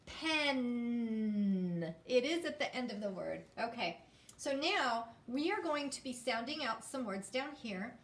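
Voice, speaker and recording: A woman teaching a phonics lesson to young children, sounding words out slowly and inviting them to repeat after her. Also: on the high side, animated, a bit bright, roomy sound, distant mic. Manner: slow, drawn-out sounding out of words.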